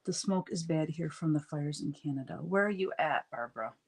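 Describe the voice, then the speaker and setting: Chatty middle-aged lady on a craft livestream, kinda low voice, sniffly, saying hi to everyone. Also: expressive, fairly quick, slightly rough. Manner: chatty, reads out and greets viewer comments. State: sniffly from allergies. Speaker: livestream host chatting with viewers. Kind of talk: casual live stream chat while crafting.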